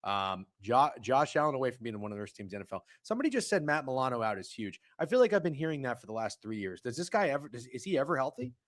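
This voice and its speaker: A man co-hosting a casual sports stream, swinging between loud outbursts and muttered asides. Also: medium pitch, expressive, rapid-fire, hardly any pauses. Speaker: co-host of a sports betting stream. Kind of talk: casual profane sports chat.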